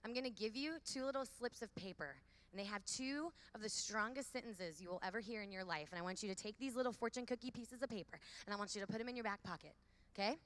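A woman in her thirties giving a lively faith talk to a large hall of women, with call-and-response. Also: medium pitch, fast talker. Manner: lively, preachy, calls for audience repeats. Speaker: conference speaker.

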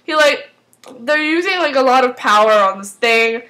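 A woman casually recapping a TV episode, rambling and excitable, filling her talk with "like". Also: high-pitched, normal speed, low-quality recording. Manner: rambling and excitable, heavy use of "like".

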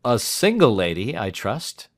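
A man voicing a dry, shrewd, whimsical male lawyer who is quick with pointed questions. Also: medium pitch, very animated, voice pushed up. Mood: alarmed.

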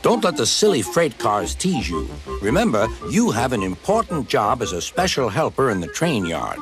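A man's voice: medium pitch, big pitch swings, normal speed, music in the background, lightly acted. A man reading as a kindly railway boss. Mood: advising.

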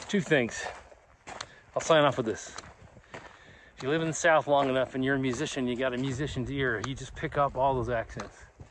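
This hiking vlogger speaks at normal speed with a medium pitch and fairly bright tone, slight background noise audible. Out on a mountain trail, he chats rambly and casually into the handheld camera he carries.

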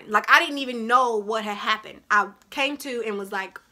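Woman vlogger, bright and forceful tone, emotional storytelling that climbs when she relives moments. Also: fairly high pitch, normal speed. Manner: animated, reliving events in a rising voice. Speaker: vlogger recounting her childbirth.

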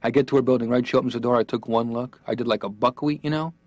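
A man's voice: medium pitch, fairly even intonation, fast talker, dry recording, lightly acted. Man as a rambling sarcastic comic on the couch, dry close lo-fi sound. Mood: wry. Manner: rambling, sarcastic, jokey asides. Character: wisecracking male comedian patient, young adult. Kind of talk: stand-up style monologue. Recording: dull lo-fi cartoon soundtrack.

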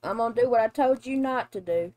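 A middle-aged mother hosting a casual reaction video, blunt and animated and quick to laugh. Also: a little high, no room sound. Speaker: reaction channel host, mother.

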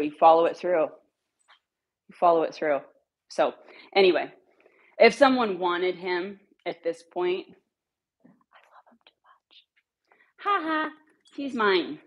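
A woman's voice: lowish voice, husky. A woman who runs a dog rescue, telling a heated story to her followers in a blunt way and swearing freely.

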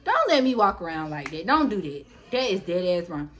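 A woman's voice: fairly low pitch, sing-song, brisk, a bit bright. A woman vlogger telling a story casually and bluntly, with plenty of swearing, and talking straight to her viewers. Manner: blunt, profane, talks straight to her audience.

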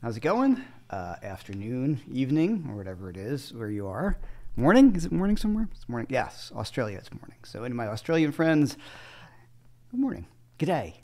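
A man's voice: medium pitch, big pitch swings, a little fast, dark tone. Man rambling through a livestream chat. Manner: loose, rambling asides. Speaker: guitar teacher.

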